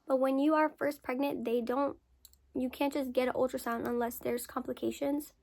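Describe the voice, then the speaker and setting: Young female creator, high voice; casual, candid storyteller who curses and repeats for emphasis. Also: moderate pace, creaky. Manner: candid and frank, swears freely; lively storyteller with emphatic repetition. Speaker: content creator answering follower questions.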